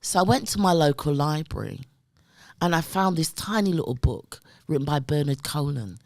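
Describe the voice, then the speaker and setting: A middle-aged woman speaks as a podcast guest in a low-set but very lively voice that rises and falls freely. She tells her stories emphatically and keeps checking in with her listener. The sound is close and dry. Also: moderate pace, dry recording. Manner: emphatic, animated, often addresses the listener with "right?" and "yeah?". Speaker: guest, community development worker. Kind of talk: conversational storytelling.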